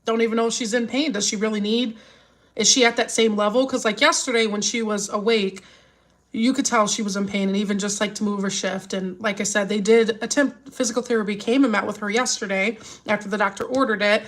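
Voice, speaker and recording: A woman's voice: mid-range voice, fairly even intonation, brisk. A woman and mother chatting casually with viewers, worried and rambling with many restarts, upset and near tears. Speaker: vlogger. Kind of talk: casual live chat with viewers.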